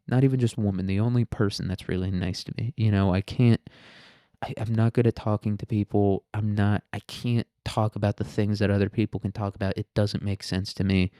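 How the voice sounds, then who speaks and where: Male commentary host, low, mellow voice, crude, sarcastic delivery, dry close sound. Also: flat delivery, brisk, no room sound. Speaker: podcast host. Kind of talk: casual current-events commentary.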